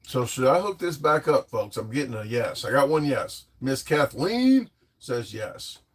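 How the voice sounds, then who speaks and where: A man's voice: medium pitch, very animated, unhurried, no room sound, rough recording. A man hosting a casual livestream, rambling and joking as he reads viewer comments aloud and answers them. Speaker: livestream host reading chat.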